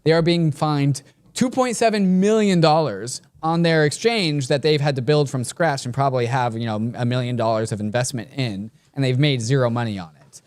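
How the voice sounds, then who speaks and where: A man co-hosting a podcast, easygoing and chatty. His voice sits at a middling pitch, and he strings thoughts together with frequent filler words. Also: normal speed, a little mellow, clear, resonant tone. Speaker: podcast co-host. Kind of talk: casual chat.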